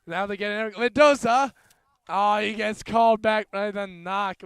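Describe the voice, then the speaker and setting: Young male rugby caller, high smooth voice, jokey, builds excitement on big plays, dry close sound. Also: a little slow, no room sound. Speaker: student play-by-play commentator. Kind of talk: amateur sports commentary.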